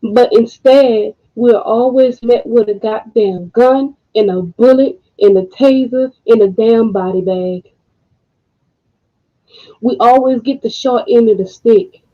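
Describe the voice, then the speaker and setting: A woman co-hosting an online talk stream, speaking with frustration and halting pauses, close to tears, with blunt profanity. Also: a little high. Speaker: co-host. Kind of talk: emotional commentary. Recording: dull lo-fi home recording.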